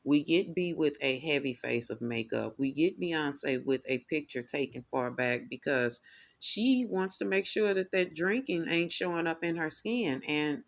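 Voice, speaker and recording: A man's voice: on the high side, creaky. A man giving a tarot reading as the host, talking in a sassy, casual way and often calling the listeners "honey" and "y'all". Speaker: tarot reader. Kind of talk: casual commentary.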